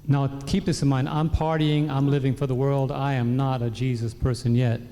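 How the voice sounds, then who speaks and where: A man's voice: medium pitch, level tone, moderate pace, a little hiss or hum. A man sharing his personal testimony with a church audience, telling stories with joking asides. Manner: warm storytelling, joking asides. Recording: long hall reverb from a church PA.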